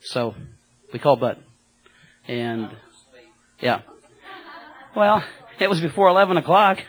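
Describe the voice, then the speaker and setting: A man, a cab driver, telling a rambling, excited testimony to a church group, full of fillers and restarts. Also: on the high side, slow pace, rough recording.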